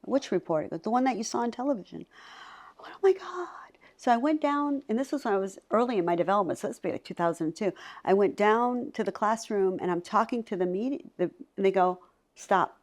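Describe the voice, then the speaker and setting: A woman's voice: mid-range voice, quick pace. A middle-aged woman, a psychic medium, telling stories in a conversation and acting out the voices of the people in them. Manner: animated, acts out voices in her stories. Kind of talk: storytelling in a conversation.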